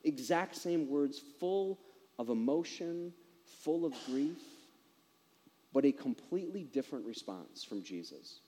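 A man's voice: on the high side, animated, a little slow, warm tone, big-room sound. A man preaching a sermon in a conversational way, asking his listeners rhetorical questions.

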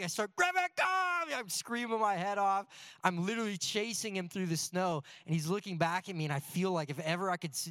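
A man's voice: a little high, a bit bright, dry recording, clean studio sound. A man preaching a sermon in a loose, joking way, full of rhetorical questions. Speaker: pastor.

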